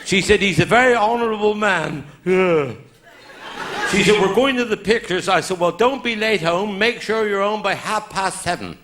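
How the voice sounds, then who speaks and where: A Cornish comedian spins his yarn in a high, lively voice that leaps up and down as he acts out each exchange. He talks in broad local dialect grammar, often breaking into laughter, and the live recording carries a clear hum of noise behind him. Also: moderate pace. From Cornwall. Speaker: stand-up comedian. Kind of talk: live stand-up storytelling. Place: live show venue with an audience.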